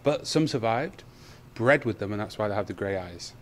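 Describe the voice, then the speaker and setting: A man's voice: on the low side, expressive, moderate pace. A young man from England with an English accent, chatting in a casual, upbeat way as a travel vlogger. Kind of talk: casual chat. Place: outdoors and in a car. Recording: outdoor noise and traffic.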